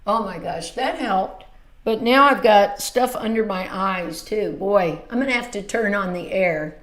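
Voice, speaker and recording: Taking her time, a woman in her fifties with a mid-range voice reads viewer comments on her casual beauty livestream. She is warm, gushing and chatty, exclaiming frequently, and her small home filming room sounds reverberant.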